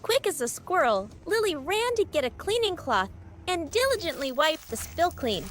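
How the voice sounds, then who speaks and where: A woman narrating a storybook tale in a slow, sing-song manner. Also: extremely high pitch, very animated, slight background noise.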